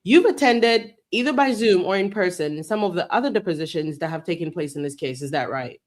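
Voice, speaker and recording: A woman reading aloud an attorney's questions in a deposition during a live stream, at an even, methodical pace. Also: on the low side, brisk, natural voice.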